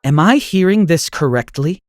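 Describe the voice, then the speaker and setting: A man voicing a shocked, disappointed mother in an animated story, speaking in a reproachful, disbelieving way. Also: fairly high pitch, normal speed, slight background noise, pitched above the performer's own voice, natural voice.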